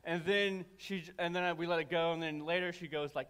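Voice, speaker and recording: A young adult man preaching a sermon, telling a funny personal story in an animated, self-deprecating way. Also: a little high, a little fast, clean tone. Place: church sanctuary. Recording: reverberant church hall.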